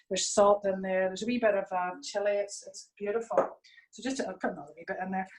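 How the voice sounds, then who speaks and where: A woman's voice: medium pitch, reverberant, low-quality recording. A Northern Irish woman chef, chatty and full of fillers, hosting a live cooking demonstration from her kitchen. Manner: chatty, lots of fillers and local words. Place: home kitchen.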